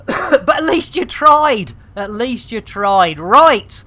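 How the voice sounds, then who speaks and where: A man's voice: extremely high pitch, very animated, drawn-out words, pushed and bright. A middle-aged British man giving chatty, exclamatory commentary on a live game stream, full of playful catchphrases. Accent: British English. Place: home room with air conditioning.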